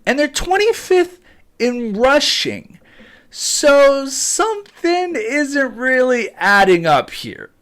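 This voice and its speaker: A man's voice: very high voice, big pitch swings, takes it slowly, fairly bright tone. A young man hosting a fan channel, giving a casual pre-game prediction, emphatic and repetitive, pleading at times. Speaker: sports fan channel host.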